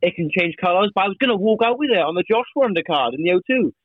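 A man's voice: sits high, racing, dry recording, narrow, tinny audio. A Welsh man, a boxer, telling jokey stories in a casual chat. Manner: excitable, jokey storyteller. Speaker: boxer guest.

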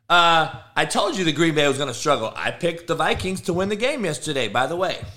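A man's voice: fairly high pitch, very animated, normal speed. A middle-aged man, a football coach hosting a live show, ranting about sports in heated, profane bursts. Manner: profane, heated, shouting rants. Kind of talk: live motivational sports rant.

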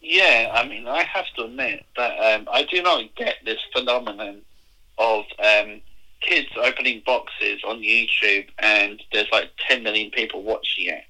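An English man in casual conversation, explaining things in a measured way with plenty of fillers. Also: fairly low pitch, sharp tone, rough recording. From England. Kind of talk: casual chat.

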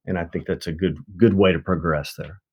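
A man with a Southern American accent, a guest telling stories in an easygoing, measured way. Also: deep voice, steady tone, a little mellow, slightly rough. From Mississippi. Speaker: guest, endurance coach. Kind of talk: casual conversational interview.

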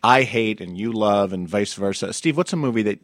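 A man from New Jersey hosting a podcast, firing off quick, teasing questions in a casual interview. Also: fairly low pitch, no echo, studio quality. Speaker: podcast host.

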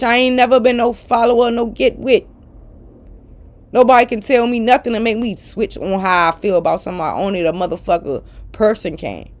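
A middle-aged woman ranting bluntly and profanely at her followers in a casual vlog. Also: medium pitch. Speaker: social media personality.

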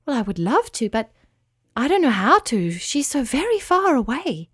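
A woman voicing a gentle, wistful little female spider in a sweet, eager, high voice. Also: sing-song, normal speed, breathy edge, no echo, studio quality, exaggerated voice.

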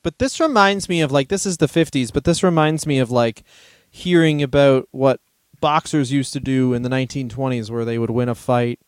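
A man's voice: mid-range voice, brisk, no room sound. A man co-hosting a comedy podcast, telling stories in casual chat and laughing often. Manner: storytelling, reads out history passages, laughs often.

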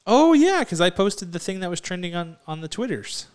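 Chatty podcast guy, excited and laughing. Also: high-pitched, a little fast, clear, resonant tone. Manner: excitable, laughs often, peppered with "like". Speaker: podcast co-host. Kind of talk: casual chat. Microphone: remote call.

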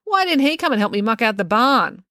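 A woman's voice: on the high side, very animated, brisk, bright, forceful tone, dry recording, clean studio sound, pitched above the performer's own voice. A woman voicing an exasperated, tired young boy who protests and asks indignant questions.

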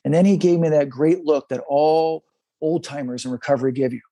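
A middle-aged man telling a candid personal story as a guest in a conversation, halting and confessional, acting out the voices of people he quotes. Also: on the high side, fairly even intonation, dark tone, no room sound.

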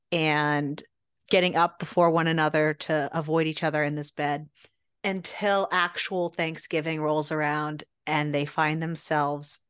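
Slow, smooth-voiced woman summarizing. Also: sits low. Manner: measured summarizing, drawn-out words. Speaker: podcast co-host. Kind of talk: casual book discussion.

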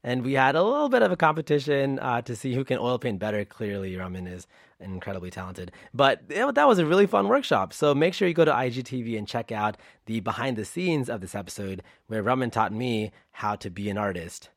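A man giving a casual podcast introduction as host, upbeat and playful, his voice jumping up and then dropping quiet. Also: mid-range voice, sing-song, a little fast, gravelly, no echo, studio quality. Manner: upbeat and playful, with swings in loudness.

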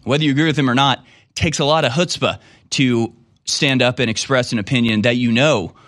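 A man comments on a clip he has just played. His voice sits at an ordinary middle pitch, and he talks in a sarcastic, emphatic way. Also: steady tone, brisk, a bit bright, no echo, studio quality. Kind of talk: casual commentary.

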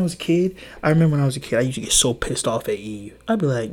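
A man's voice: medium pitch, a little fast, darkish tone. A man hosting a solo podcast, rambling in a profane, casual way. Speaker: podcast host.

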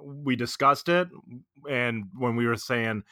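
An emcee-style male co-host of a comedy podcast, hyping up the crowd in a bright, fairly high voice. His sound is dry and close. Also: takes it slowly, smooth, no room sound. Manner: hype-man, emcee-like. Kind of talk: comedic banter.

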